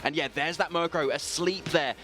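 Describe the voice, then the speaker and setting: A man giving fast analytical color commentary on a live competitive video game match. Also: on the high side, bright, forceful tone, faint music behind. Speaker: esports analyst.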